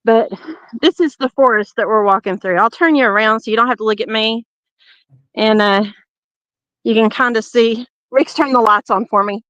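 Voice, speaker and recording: Woman, southern accent, tour guide, walking while talking, fairly high voice, dry dull phone sound. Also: normal speed, a bit bright, dry recording. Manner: chatty, walking outdoors while filming. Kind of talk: casual walking tour on a video call.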